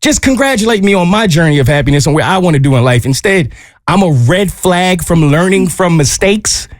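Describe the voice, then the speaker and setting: Animated high-voiced man telling a story. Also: brisk, dry recording, clean studio sound. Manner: animated, laughing, acts out quotes. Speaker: radio show co-host. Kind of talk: casual radio chat, storytelling.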